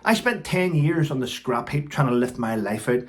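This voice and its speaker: A man's voice: mid-range voice, animated, moderate pace, a little hiss or hum. A man, an army veteran, recounting war stories bluntly and emphatically, swearing and restarting.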